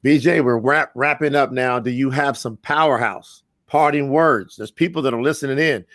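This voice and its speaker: An enthusiastic man hosts a live-streamed interview, pumping up his guest and reading out viewer comments. He speaks at a middle pitch. The sound is dry and close. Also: normal speed, fairly bright tone, no room sound. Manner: enthusiastic, motivational, reads viewer comments aloud. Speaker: host.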